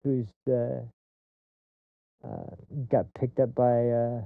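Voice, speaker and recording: A man's voice: mid-range voice, level tone, very slow, vocal fry, no echo. A man hosting a show, talking off the cuff in a rambling monologue full of restarts and fillers, swearing when he gets heated. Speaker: podcast host. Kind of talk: casual commentary monologue. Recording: dry, tinny phone-like sound.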